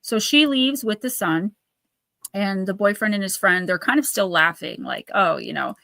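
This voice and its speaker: A woman hosting a live chat show, retelling a ghost story in a lively, animated way and acting out the quoted voices. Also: mid-range voice, moderate pace, no room sound, clean studio sound. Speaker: host.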